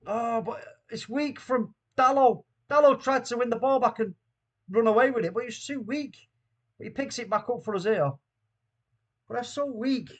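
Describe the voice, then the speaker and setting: A man hosting a live football watchalong stream. He chats with viewers in slang and swings from loud disbelief to low, weary muttering. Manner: chatty, greets viewers by name with slang. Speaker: host of a fan watchalong stream.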